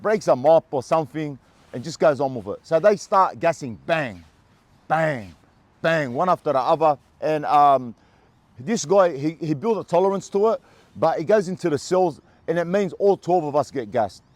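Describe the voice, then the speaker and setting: Animated Australian man telling a story. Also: a little high, normal speed, dry recording. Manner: animated, repeats words, acts out sounds. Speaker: former prisoner telling his story. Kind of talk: casual storytelling to camera.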